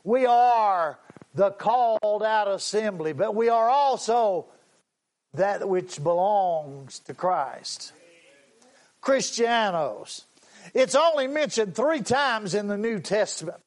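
A man's voice: high voice, animated, slow pace. A man preaching a sermon, repeating key words for emphasis and calling out to the congregation.

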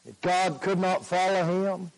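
High-pitched guy preaching real slow, leans hard on repeated words. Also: steady tone, creaky, rough recording. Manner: slow, emphatic preaching with repetition. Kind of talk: sermon.

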